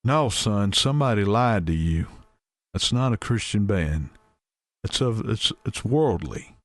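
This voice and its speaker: A man's voice: lowish voice, expressive, a little slow, no room sound. Man putting on a scolding backwoods preacher. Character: stern older male backwoods preacher, scolding.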